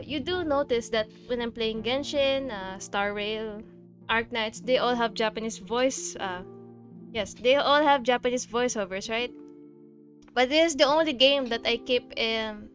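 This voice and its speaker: Chatty, giggly woman streamer. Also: on the high side. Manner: chatty, gushing, lots of fillers and giggles. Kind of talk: casual gameplay commentary.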